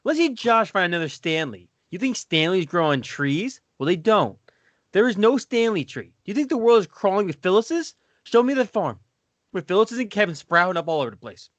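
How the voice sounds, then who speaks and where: Casting note: indignant boss rant, high and shrill, put on by a man. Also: sing-song, a little fast, no echo, dull audio. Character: blustering male office boss ranting.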